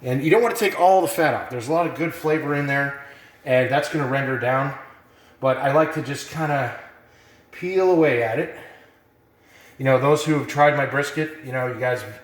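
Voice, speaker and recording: A man's voice: medium pitch, moderate pace. Laid-back man teaching in an echoey kitchen. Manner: relaxed, rambling, lots of fillers. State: a bit out of breath. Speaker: cooking instructor. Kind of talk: casual how-to demonstration.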